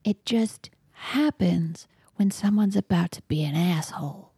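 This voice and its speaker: A young warlock student in whispered role-play, trying hard to sound menacing, as a woman puts her on. The threats come low and half-whispered, with a gravelly edge and a slow, unhurried delivery. The sound is dry and close. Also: dark tone, no room sound, full character voice. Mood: hushed menace.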